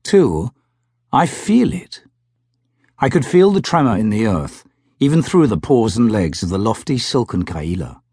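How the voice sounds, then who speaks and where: A man narrating a first-person audiobook with a very lively pitch range and a husky, breathy tone. The read is measured and expressive, recorded close and dry. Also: no room sound.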